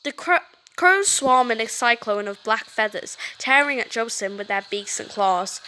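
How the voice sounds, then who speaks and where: A woman reading a story game aloud, animated and stumbling over words now and then. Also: a little high, moderate pace, slight background noise. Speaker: game streamer.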